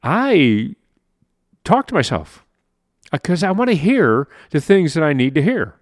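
A man hosting a solo motivational podcast, talking in an upbeat, animated way, laughing often and repeating himself. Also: on the high side, measured pace, no room sound, clean studio sound. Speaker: podcast host and life coach.

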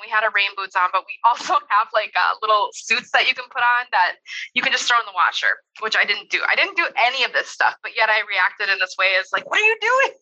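A woman's voice: medium pitch, dull audio. A woman in her thirties, a developmental therapist, telling a parenting story in a conversational interview, laughing often and acting out what she said. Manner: animated storytelling, laughs often, acts out her own quoted lines.

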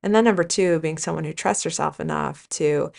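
A woman's voice: low voice, brisk, gravelly, a little mellow. A woman coach telling a personal story in a casual, reflective monologue, chatty and full of fillers and self-corrections, speaking earnestly to listeners. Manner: earnest, encouraging tone toward listeners. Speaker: life coach and podcast host.

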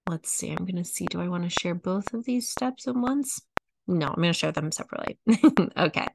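A middle-aged woman teaching a coaching lesson, walking through a chart at a slow, measured pace and repeating her phrases. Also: fairly low pitch, vocal fry, background noise. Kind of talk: teaching talk, reading a chart aloud.

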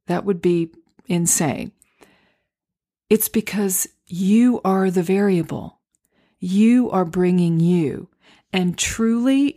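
A woman hosting a solo podcast, talking through acting auditions in a gentle, encouraging, unhurried way. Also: mid-range voice. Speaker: podcast host and acting coach. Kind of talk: reflective solo podcast talk. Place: home, recorded near a street.

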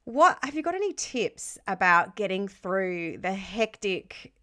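A woman hosting a casual interview, bubbly and quick to laugh. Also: medium pitch, sing-song, a bit bright. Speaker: host.

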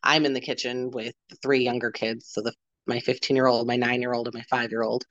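A woman in her forties, a podcast guest, telling a personal story in a halting way, retelling what people said. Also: very deep voice, level tone, a bit bright, dry recording, highs cut off. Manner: halting, retells dialogue with "I'm like".

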